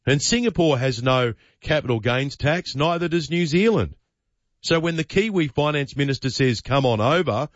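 A man's voice: mid-range voice, no echo, muffled recording. An Australian man hosting a breakfast radio show, delivering opinion commentary with punchy, emphatic rhetoric. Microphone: studio microphone.

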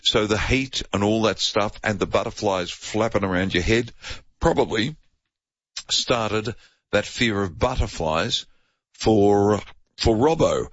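A talkback radio host with a fairly low voice, chatting loosely and drifting between points. The sound is dull and dry, with no room around it, as on a radio broadcast. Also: male voice, a bit bright, dry recording. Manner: loose, chatty, wandering phrasing.

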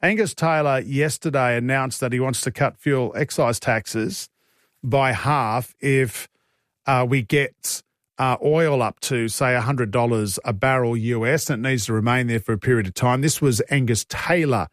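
A man's voice: medium pitch, moderate pace, no room sound. Brief: male breakfast radio host, opinionated and jokey, dry close studio sound. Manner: chatty, opinionated, joking. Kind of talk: talkback radio chat.

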